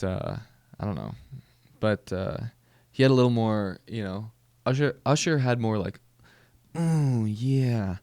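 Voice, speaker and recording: A man hosting a comedy podcast, talking in a rambling, deadpan way with many restarts. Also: fairly low pitch, clean tone, no room sound. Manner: rambling, self-interrupting, deadpan. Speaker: podcast host. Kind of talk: comedic monologue.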